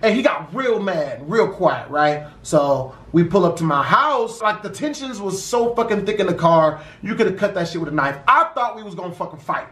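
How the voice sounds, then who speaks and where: A young man casually telling a story about a friend, with profane street slang and an animated delivery. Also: high-pitched, moderate pace, hardly any pauses. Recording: roomy echo.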